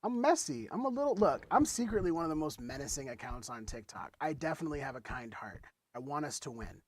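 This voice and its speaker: A music producer streams a session, chatting loosely and profanely into a dynamic studio mic while he works. His voice is medium in pitch, with no room sound.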